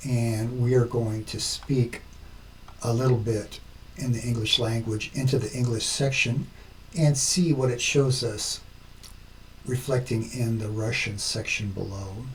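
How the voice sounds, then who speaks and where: A man hosting a language tutorial, explaining slowly and step by step as he works through his screen. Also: mid-range voice, a little mellow, far from the mic, slight background noise, rough recording. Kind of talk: screen-recorded tutorial narration.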